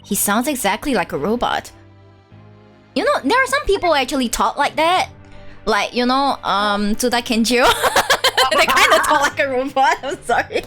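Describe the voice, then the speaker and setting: A woman streamer chatting through a game playthrough with animated, giggly, jokey asides. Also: sits high, moderate pace, soft background music. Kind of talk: live game playthrough chat.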